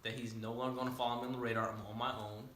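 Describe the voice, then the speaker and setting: A man, a student pilot, telling a story in a casual way, rattling off radio calls in quick aviation jargon and explaining the terms. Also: mid-range voice, flat delivery, a bit bright, reverberant, a little hiss or hum. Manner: explains terms to a listener, often asking "right?".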